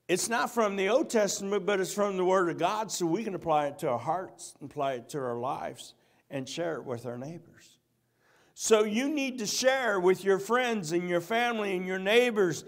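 Male preacher with a high voice; earnest, slow-paced church sermon. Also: lively intonation. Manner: earnest, repeats key phrases.

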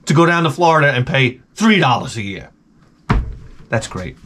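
A man's voice: mid-range voice, big pitch swings, moderate pace, noisy background. Profane, sarcastic New man rambling. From Long Island, New York. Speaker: vlogger. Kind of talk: casual rambling monologue.

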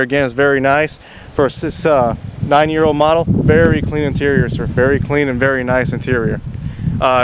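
A man walking a buyer around a used car as a salesman, repeating "very, very" and addressing the buyer as "sir". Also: medium pitch. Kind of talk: vehicle walkaround video. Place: outdoors at a car lot. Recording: noisy outdoor recording.

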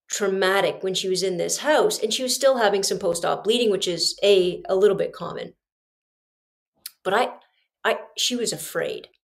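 A woman's voice: lowish voice, creaky. A middle-aged woman, hosting a podcast and telling a personal story in an earnest, confiding way, speaking straight to her listeners. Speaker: podcast host.

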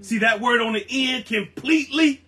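Preacher guy, kinda high bright voice, slow and emphatic, repeats stuff for stress. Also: low-quality recording. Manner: emphatic, repeats key phrases slowly for stress. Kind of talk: sermon.

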